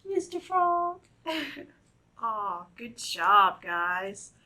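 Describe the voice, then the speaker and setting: Lively, bright-voiced woman reading to kids. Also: fairly high pitch, drawn-out words, echoey room, distant mic, rough recording. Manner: animated, gasping, exclaiming to young listeners. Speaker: children's storytime reader. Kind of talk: reading picture books aloud to children.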